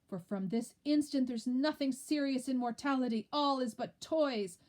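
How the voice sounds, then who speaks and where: A woman's voice: high-pitched, normal speed, darkish tone, voice pushed up, lightly acted. Woman reader as guilty lord; solemn, raised declaiming. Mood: mock grief. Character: guilty lord putting on grief.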